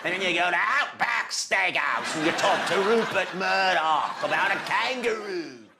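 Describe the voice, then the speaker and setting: A man hosting a comedy segment, mock-earnest and playful, with quick asides. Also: high-pitched, expressive, creaky. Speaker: comedy show host.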